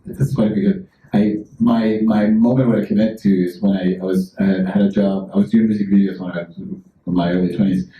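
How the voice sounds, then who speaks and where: A man's voice: sits low, little pitch movement, brisk, slight background noise. A man from Uruguay, a panel guest talking frankly and conversationally, often restarting his sentences. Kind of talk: casual panel talk. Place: large hall at a public talk. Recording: dull, distant sound in an echoey hall.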